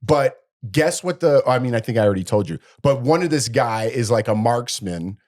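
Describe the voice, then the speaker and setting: Co-hosting a relaxed podcast, a man spins an animated story full of acted-out quotes. He speaks at medium pitch and a moderate pace.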